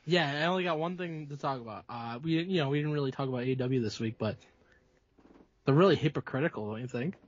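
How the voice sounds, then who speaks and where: Husky, blunt podcast co-host man. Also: mid-range voice, quick pace, no room sound, muffled recording. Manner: blunt, sarcastic, argumentative. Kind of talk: casual profane wrestling banter.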